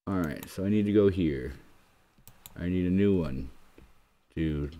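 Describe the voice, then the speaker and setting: Deep-voiced man rambling on a livestream. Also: a little slow, warm tone, highs cut off. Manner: rambling, narrates his own fumbling with the computer. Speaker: livestream host. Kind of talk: casual livestream chat.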